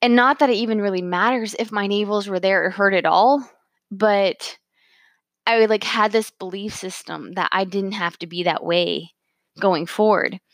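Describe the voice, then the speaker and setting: A woman talks through her thoughts in a loose, casual way, full of fillers and asides where she quotes herself. Her voice sits in an ordinary middle pitch. The sound is dry and close, with no room around it. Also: moderate pace, dry recording. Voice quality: chatty, many fillers, quoting herself in asides. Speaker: speaker reflecting on a Bible verse. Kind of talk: casual personal talk.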